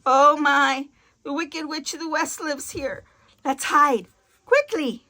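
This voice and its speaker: A timid male lion as a woman voices him speaks with a nervous quiver, his voice pitched a little high and bright. He sounds easily frightened in this storybook reading. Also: steady tone, slow, heavily acted. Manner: shivering, nervous.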